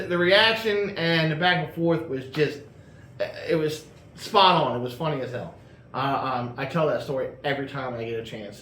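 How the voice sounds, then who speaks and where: A man's voice: fairly high pitch, pushed and bright, a little hiss or hum. A man casually telling a long personal story, rambling with lots of fillers and restarts. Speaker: host telling a car story. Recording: echoey room with faint ambience.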